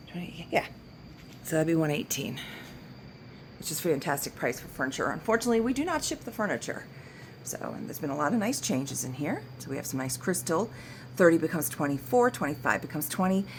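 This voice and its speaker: A woman's voice: low-pitched, slight background noise. A woman who owns an antique shop, walking through it casually, chatting about items and working out discounts aloud. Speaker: antique shop owner showing items for sale. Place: indoors in a large antique shop.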